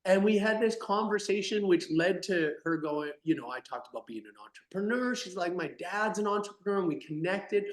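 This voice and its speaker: A man talking as a guest in an interview, animated and emphatic, swinging between loud bursts and soft asides. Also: sits high, a little fast, few pauses, reverberant. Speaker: podcast guest, company founder. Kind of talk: energetic interview talk.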